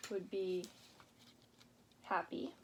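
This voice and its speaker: Slow, unhurried young woman presenting. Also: mid-range voice, a little hiss or hum. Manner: explains plainly, with pauses and filler "like". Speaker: student presenting a project. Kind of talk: informal class presentation.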